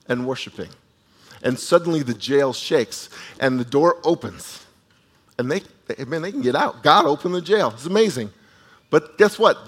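A man preaching a sermon, retelling a scripture story in a conversational, animated way with asides to the listeners and frequent restarts. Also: on the high side. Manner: restarts and repeats words while speaking. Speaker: pastor.

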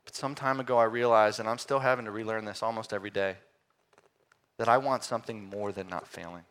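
A man preaching a sermon, swinging between loud emphatic lines and quiet, hushed ones. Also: on the low side, steady tone, fast.

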